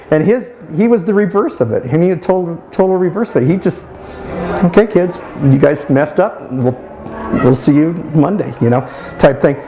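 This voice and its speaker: A man's voice: fairly high pitch, dark tone. A man in his fifties answering interview questions as a former student, talking fondly with many restarts and fillers. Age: 50s. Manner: halting, with many restarts and "you know" fillers; fond, admiring. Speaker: alumnus interviewee.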